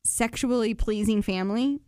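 A woman's voice: a little high, moderate pace, darkish tone, no room sound, clean studio sound. A woman co-hosting a casual pop-culture chat, wry and chatty, with lots of filler words. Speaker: podcast co-host.

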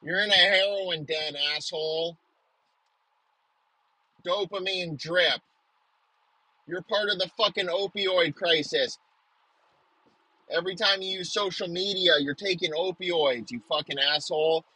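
A man's voice: high voice, steady tone, measured pace, bright, forceful tone, husky, no echo, rough recording. A man delivering an aggressive comedic rant, swearing nonstop and hurling insults.

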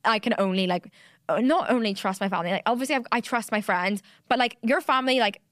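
A woman's voice: fairly high pitch, quick pace, a bit bright, no room sound, clean studio sound. A young woman, hosting a solo podcast, talking candidly and rambling with many fillers and restarts. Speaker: podcast host. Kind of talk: solo confessional podcast monologue.

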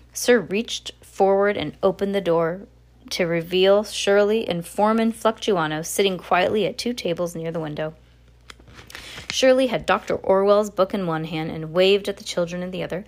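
A woman reading a novel aloud at a steady pace, with small slips and self-corrections. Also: fairly low pitch, moderate pace. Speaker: reader.

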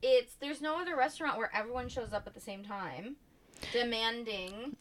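A woman's voice: fairly high pitch, slight background noise. Laid-back young woman comic chatting. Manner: loose, swearing, quick asides and laughs. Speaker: comedian, podcast co-host. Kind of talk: casual chat.

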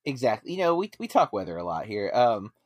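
A man's voice: medium pitch, big pitch swings, brisk, dry recording. A man hosting a film podcast, chatting casually and rambling with lots of fillers and restarts. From United States. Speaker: podcast host. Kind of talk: casual chat.

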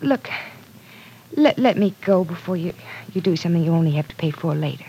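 An actress playing a frightened but defiant young woman held captive in a 1940s radio drama, with a breathy voice. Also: on the low side, expressive, fairly quick, warm tone, rough recording. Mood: fearful defiance. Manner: pleading, then steely and defiant.

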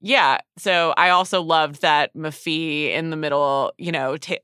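A podcast co-host in casual recap chat, animated and chatty, peppered with "like". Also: mid-range voice, measured pace, clear, resonant tone, no room sound, studio quality.

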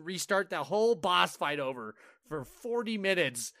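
A man on a casual gaming podcast with a bright, forceful voice, recorded dry and close. He tells animated stories, swears freely and acts out his own frustrated reactions in quoted asides. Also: a little high, moderate pace, few pauses, dry recording. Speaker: podcast co-host.

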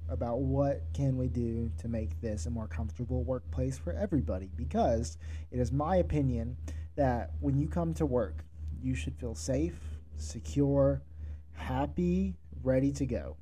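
A man with a deep, very mellow voice hosts a podcast and coaches listeners. His delivery is direct and instructive. He sounds like a manager passing on hard-won advice. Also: measured pace, slight background noise. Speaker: podcast host, restaurant manager. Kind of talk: solo podcast monologue giving advice.

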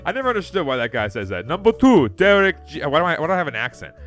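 A man's voice: mid-range voice, sing-song, rapid-fire, pushed and bright, soft background music. Easygoing young man, laughing sports banter. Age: young adult. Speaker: podcast co-host. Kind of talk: casual sports chat.

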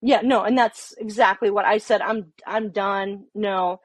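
A woman's voice: medium pitch, unhurried, dry recording. A woman police officer telling a story in casual talk, swearing often and acting out both sides of the conversations. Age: adult with an underage daughter. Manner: profane, animated, acts out both sides of conversations.

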